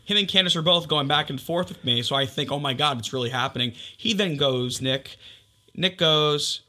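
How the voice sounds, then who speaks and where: A young man and podcast co-host telling a story in a casual chat, animated and swearing as he acts out text messages. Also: a little high. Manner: animated, swearing, quick retelling with quoted texts.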